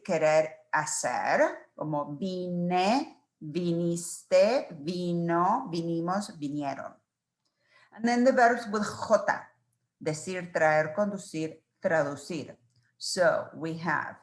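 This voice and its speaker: Woman teacher, lowish voice, unhurried exam review, walks through each form step by step; echoey room. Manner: slow, patient, spells out verb forms one by one. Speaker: Spanish teacher.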